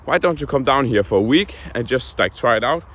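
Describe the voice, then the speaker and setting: A man's voice: mid-range voice, expressive, a little fast, a bit bright. Young man venting in a casual vlog. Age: young adult. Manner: frank, heated, swears often. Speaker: vlogger.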